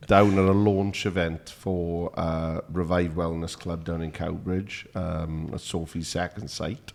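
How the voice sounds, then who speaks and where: Welsh male podcast host, very low pitch, casual, giggly, hesitant. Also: creaky. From Wales. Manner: chatty, laughing, hesitant with many ums. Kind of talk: casual chat.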